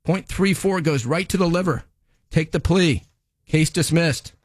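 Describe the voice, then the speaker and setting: A man's voice: a little high, measured pace, dry recording, clean studio sound. A man voicing a stern, sarcastic female TV judge who scolds defendants in a comedic courtroom monologue. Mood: scolding.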